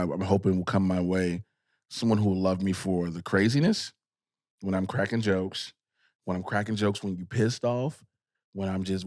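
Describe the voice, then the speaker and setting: A man's voice: sits low, no room sound, clean studio sound. A man guesting on a podcast, chatting casually in a candid, emphatic way and repeating phrases for effect.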